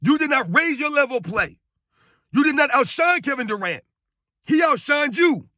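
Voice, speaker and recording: A man's voice: extremely high pitch, very animated, moderate pace, bright, forceful tone, no room sound, studio quality. A man giving an emphatic, scornful sports rant, hammering his points home with repetition. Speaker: sports commentator. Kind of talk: ranting sports commentary.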